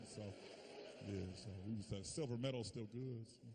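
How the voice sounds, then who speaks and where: A man telling profane, animated stories in a stand-up comedy set. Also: mid-range voice, moderate pace, background noise.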